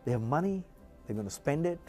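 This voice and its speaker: An older man with an Indian English accent tells his story in a lively, swinging voice that rises and falls a lot. He chuckles now and then while recalling the past. Faint music plays softly under him. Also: on the high side, quick pace. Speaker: entrepreneur. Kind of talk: documentary interview recollection.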